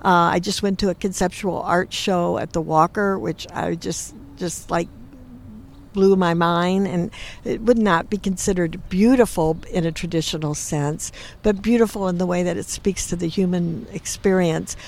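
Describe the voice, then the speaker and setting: A woman in a reflective conversation, emotional and halting, her voice catching as she searches for words. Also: fairly low pitch, steady tone, vocal fry, slight background noise. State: teary. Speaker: interviewee, arts lover.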